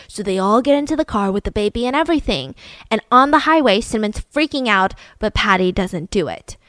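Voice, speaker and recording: A woman's voice: mid-range voice, expressive, a little fast, a bit bright, no echo. A young woman telling a true crime story casually, chatty with lots of "like".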